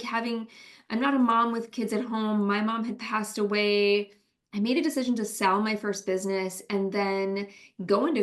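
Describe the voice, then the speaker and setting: A middle-aged woman, a business coach and co-founder, giving earnest, reflective interview answers and often checking in with "right?". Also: mid-range voice.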